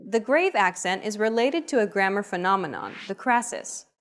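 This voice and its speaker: A woman reading a scripted language lesson, explaining grammar rules in an even, steady voice. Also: mid-range voice, normal speed, soft background music. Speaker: language teacher.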